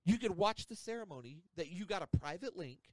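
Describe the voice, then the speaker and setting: A middle-aged man chatting casually as a podcast co-host, telling animated stories outdoors. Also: fairly quick, no room sound. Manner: animated storyteller, swings pitch high for quoted lines. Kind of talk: casual chat.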